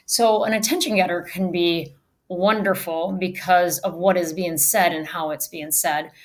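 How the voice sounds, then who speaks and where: This woman's voice sits on the low side and is a bit bright as she delivers a recorded virtual lecture on public speaking. A speech teacher, she speaks emphatically and varies her delivery to show examples.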